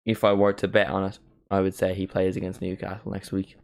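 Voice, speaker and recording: A young man with a low, creaky voice speaks a little fast while hosting a live match watchalong. Casual and chatty at his desk microphone, he livens up when chances arrive.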